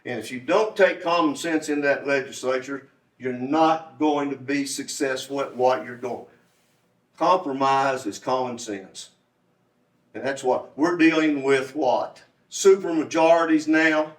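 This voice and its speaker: In a meeting room, a state delegate hopeful addresses a club with an unhurried, folksy, rambling campaign speech, repeating points for emphasis. His voice is medium in pitch, and the distant mic picks up plenty of room echo.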